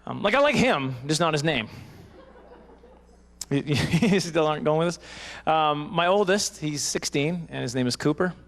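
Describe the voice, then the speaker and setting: A man in his forties doing live stand-up, his voice sitting a little higher than most men's. He rambles and chuckles his way through self-deprecating tangents. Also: animated, moderate pace, a bit bright. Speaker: stand-up comedian. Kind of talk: stand-up comedy. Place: live banquet stage.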